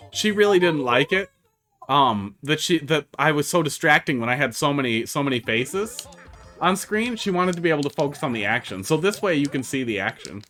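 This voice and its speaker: This live streamer has a Wisconsin accent and a voice on the high side that sounds pushed and bright. He talks casually while playing and responding to chat.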